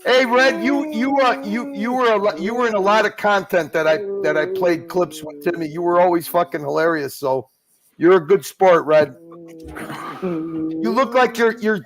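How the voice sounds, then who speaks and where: Gravelly high-voiced man joking around. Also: moderate pace, over music, poor audio. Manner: laughing, teasing. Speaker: livestream panelist. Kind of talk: casual chat.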